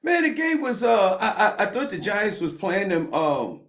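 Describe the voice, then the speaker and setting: A man's voice: high voice, very animated, normal speed, a bit bright. A man giving football analysis in a casual sports talk, thoughtful and hesitant. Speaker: guest sports commentator.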